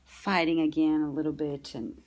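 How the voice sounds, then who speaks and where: A woman talking casually about caring for her baby while holding and rocking her at home, gentle and unhurried with frequent pauses. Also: deep voice, level tone. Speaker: vlogger and new mother. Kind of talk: casual parenting advice vlog.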